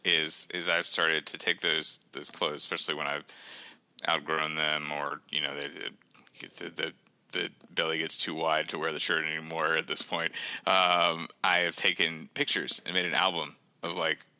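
A man's voice: very deep voice, flat delivery, moderate pace, bright, forceful tone, no echo. A man in his thirties, a guest author in a casual podcast chat, rambling with self-deprecating humor.

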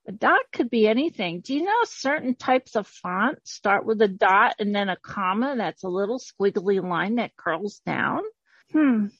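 Brief: woman improviser, slow and wondering, lively pitch; dry, slightly dull sound. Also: no room sound. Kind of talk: improv comedy.

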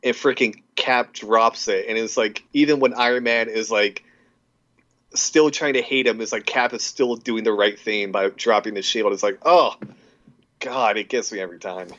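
A man's voice: lowish voice, normal speed, a bit bright. A young man co-hosting a casual podcast, enthusiastic and rambling as he retells favorite scenes. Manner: enthusiastic, rambling with fillers and restarts. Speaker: podcast co-host. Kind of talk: casual chat. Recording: slightly dull lo-fi mic.

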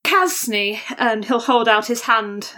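Woman tabletop player, quick asides, voice on the high side. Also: animated, bright, forceful tone. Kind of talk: tabletop game chat.

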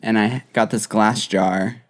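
A man's voice: lowish voice, steady tone, slow. A young man co-hosting a casual podcast chat, telling a story while repeatedly breaking into fits of laughter. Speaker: podcast co-host.

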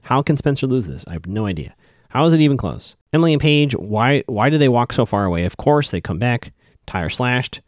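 A man's voice: medium pitch, sing-song, a little fast, no echo, clean studio sound. Chatty man recapping a TV episode. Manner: chatty, rambling, questioning. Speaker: show recap host.

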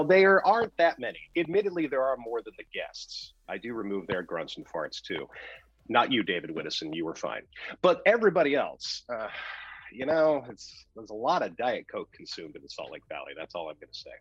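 A man's voice: fairly low pitch, husky, no echo, lo-fi sound. A man producing and co-hosting a podcast, chatting casually with jokes and frequent restarts. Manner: animated, joking, frequent restarts. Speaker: podcast producer turned interviewer.

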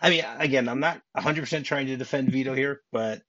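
A middle-aged man hosts a casual film podcast, husky and a bit breathy at a middle pitch. He rambles and restarts. The audio is dull and dry, like a home setup. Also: fast talker, sharp tone, dry recording. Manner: rambling, many restarts, chuckling asides. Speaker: podcast host. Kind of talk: casual film-discussion chat.

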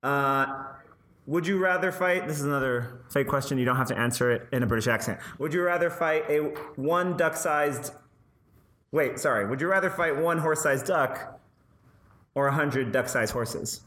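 A man interviewing a guest, playful and halting, restarting his questions as he goes. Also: on the high side, fairly bright tone. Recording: roomy echo.

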